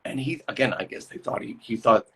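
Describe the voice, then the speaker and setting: A man's voice: mid-range voice, brisk, vocal fry, bright, forceful tone, slightly rough. A man, an actor, chatting casually as a guest on a live phone call, telling stories in a rambling way with many restarts.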